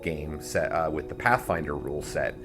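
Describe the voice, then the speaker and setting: A man with a very low voice co-hosts a tabletop gaming podcast. His talk is casual and rambling, full of fillers and restarts, with faint music underneath. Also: normal speed. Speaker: podcast co-host. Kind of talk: casual chat.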